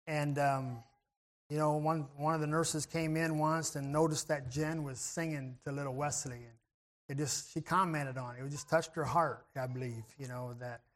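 A man preaching a reflective sermon in a gentle way. He often clears his throat and restarts his phrases. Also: a little high.

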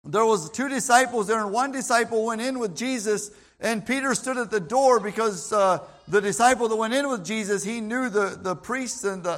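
A man preaching a sermon with a high-pitched voice. He speaks emphatically and repeats himself, often restarting phrases as he drives each point home. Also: fairly bright tone. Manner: emphatic, repetitive, with frequent restarts.

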